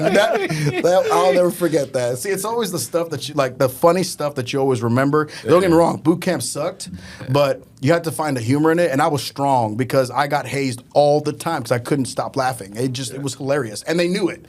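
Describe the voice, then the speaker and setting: A man telling casual stories as a podcast guest, animated and often laughing as he talks. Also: a little high, a little fast. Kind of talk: casual storytelling.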